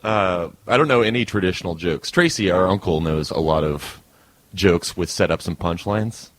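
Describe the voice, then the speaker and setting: A man's voice: sits low, moderate pace, slight background noise. Wry man hosting a casual chat.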